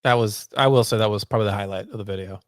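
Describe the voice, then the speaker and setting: A man's voice: on the low side, very fast, no echo, studio quality. A man co-hosting a casual backpacking chat, telling stories and acting out what he said. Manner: animated storytelling, acts out quotes. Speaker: podcast co-host.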